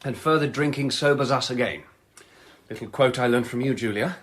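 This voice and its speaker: A young gentleman under suspicion broods and snipes in a radio drama, played by a man. His tone is sardonic and cutting. There is a faint hiss behind him. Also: mid-range voice, a little fast, natural voice. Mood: bitter. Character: bitter young gentleman suspect, drinking.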